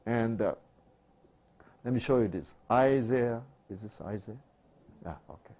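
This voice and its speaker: A middle-aged male pastor preaching a sermon, asking rhetorical questions and swinging from loud to hushed. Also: medium pitch, measured pace.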